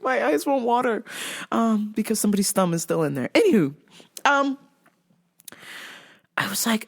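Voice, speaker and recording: Woman podcast host, comic storytelling, profane, exasperated, lively swinging pitch. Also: moderate pace, pauses often. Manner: profane, exasperated, laughing at herself. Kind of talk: comedic storytelling.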